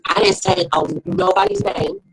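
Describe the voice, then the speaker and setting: A woman hosting a casual late-night chat, talking bluntly and profanely in animated storytelling. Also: very high-pitched, moderate pace, creaky, background noise. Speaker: host.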